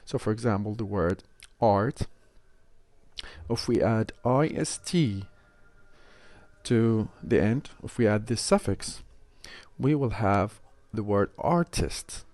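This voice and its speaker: A man lecturing university students on English word stress, speaking in a measured, explanatory way with frequent hesitations. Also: on the low side, darkish tone, no echo. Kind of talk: recorded online lecture.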